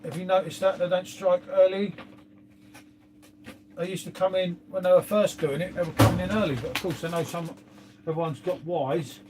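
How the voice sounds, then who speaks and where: Talking to his live viewers over a noisy background, a middle-aged man with a London accent rambles casually, swearing and saying "mate" a lot, often adding tag questions. His voice is high-pitched and steady, at a normal pace.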